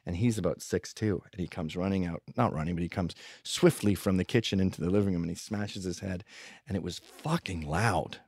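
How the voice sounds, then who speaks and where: A man's voice: sits low, a little fast, a little mellow, slightly rough, dry recording, studio quality. A man telling rambling, profane stories with sardonic humor in a comedic monologue. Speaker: podcast host telling stories.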